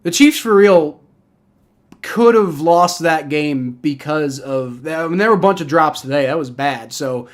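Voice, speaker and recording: A man's voice: on the high side, expressive, normal speed, few pauses. A young man hosting a live football reaction stream, talking in a heated, profane rant and often repeating himself and restarting. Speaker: livestream host reacting to football.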